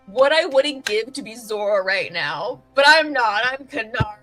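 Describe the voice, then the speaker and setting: A woman's voice: fairly high pitch, animated, moderate pace, pushed and bright, faint music behind. A woman playing in a tabletop game, joking with playful, exasperated teasing. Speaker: player. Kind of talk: casual chat at a game table.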